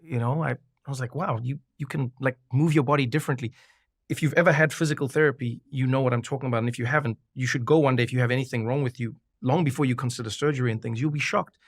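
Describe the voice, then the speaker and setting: Podcast guest, man, lively storyteller, dry close mic. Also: medium pitch, rapid-fire, hardly any pauses, no room sound. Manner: animated storyteller, acts out quoted voices. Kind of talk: casual conversation.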